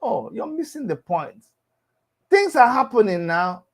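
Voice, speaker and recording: A man in his fifties with a Nigerian accent, giving a mocking monologue in lively Pidgin-laced talk and laughing between lines. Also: high voice, measured pace. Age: 50s.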